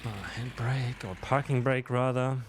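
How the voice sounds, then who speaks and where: A man with a German accent talks loosely to his viewers while he plays, often breaking into laughter. His voice sits in an ordinary middle pitch. The talk is relaxed and rambling. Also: moderate pace, noisy background. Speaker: streamer. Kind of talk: casual live-stream chat while gaming.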